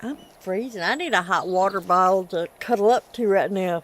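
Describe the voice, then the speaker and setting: A woman's voice: mid-range voice, moderate pace, hardly any pauses. A woman hosting a casual gaming livestream, chatting and laughing as she reads chat aloud.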